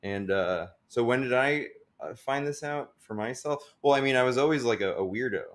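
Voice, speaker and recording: A man's voice: mid-range voice, animated, moderate pace. A man, a comedian guest, chatting casually on a podcast, rambling with many filler words and frequent laughter.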